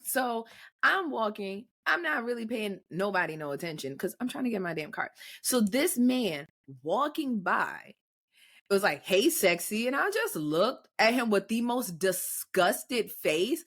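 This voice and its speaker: A young woman co-hosting a podcast, telling a story in a casual, animated way with heavy swearing and acted-out quotes. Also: mid-range voice, a little slow. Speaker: podcast co-host. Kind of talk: casual chat.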